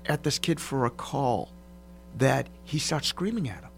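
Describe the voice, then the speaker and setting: A middle-aged man hosting a casual talk show, telling stories in a lively way. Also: medium pitch, a little slow, vocal fry, a little hiss or hum. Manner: lively storyteller, laughs while telling. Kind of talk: casual podcast chat.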